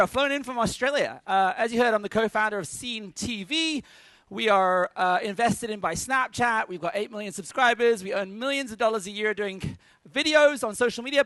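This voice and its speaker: A man with a strikingly high, sharp, forceful voice delivers an energetic conference talk, full of jokes and punchy asides. The sound is close and dry, with almost no room echo. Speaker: conference speaker. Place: conference stage with a live audience.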